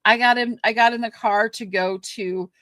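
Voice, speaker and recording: A woman co-hosting a podcast, ranting with frustration and many halting restarts. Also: on the high side, steady tone, bright, forceful tone, dry recording. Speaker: podcast co-host. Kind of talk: candid podcast conversation.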